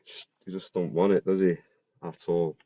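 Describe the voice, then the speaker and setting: Deep-voiced bloke, slangy and stammering. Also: male voice, level tone, moderate pace, dark tone, no echo. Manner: slangy, stammering restarts, keeps saying "mate". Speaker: podcast host. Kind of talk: casual podcast chat. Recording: dull lo-fi dry sound.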